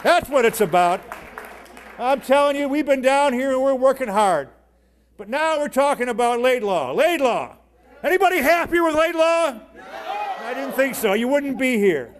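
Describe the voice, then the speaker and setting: Man, union leader, rousing rally speech, shouting call-and-response, very high-pitched, faint crowd noise. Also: expressive, moderate pace. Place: organizing rally hall with a crowd.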